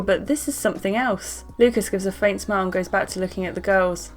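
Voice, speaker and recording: A young woman playing a story game, reading its lines aloud and breaking in with excited asides. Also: mid-range voice, fairly quick, hardly any pauses, soft background music. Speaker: gaming YouTuber.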